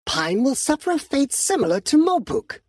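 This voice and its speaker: A man voicing a small, furry alien mob boss, haughty and menacing, speaking slowly and coldly in an audiobook. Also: very high voice, sing-song, darkish tone, no echo, studio quality, pitched above the performer's own voice. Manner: slow, cold, threatening. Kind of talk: audiobook character voice.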